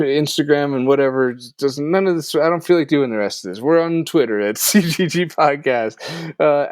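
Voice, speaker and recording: A man's voice: on the high side, dry recording, clean studio sound. A man co-hosting a podcast in casual chat, rambling and correcting himself as he goes. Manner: rambling, self-correcting, wraps up with offhand plugs. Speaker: podcast co-host.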